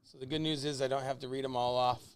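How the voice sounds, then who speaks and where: A man's voice: mid-range voice, level tone, fast, clear, resonant tone. Chatty man hosting a card-break stream. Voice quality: calls his own voice whiny. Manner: chatty, laughs easily, talks to viewers by name. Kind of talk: casual livestream chat while opening cards.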